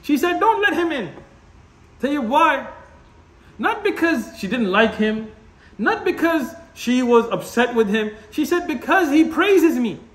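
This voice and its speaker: A man giving an impassioned religious lecture, blunt and animated, laughing as he rants and dropping Arabic terms. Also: very high voice, measured pace. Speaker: Islamic lecturer. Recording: echoey room.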